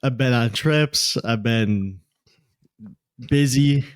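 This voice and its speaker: A young man chatting on a podcast in a halting, easygoing way, full of pauses and fillers. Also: medium pitch, clean tone, dry recording, clean studio sound. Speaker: podcast co-host. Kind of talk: casual podcast chat.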